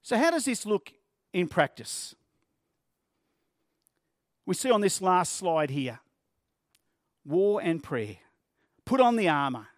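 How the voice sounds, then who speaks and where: A man's voice: high voice, sing-song, slow pace, long pauses, no room sound, studio quality. A man preaching a sermon as pastor, earnest and plain-spoken, using vivid everyday examples.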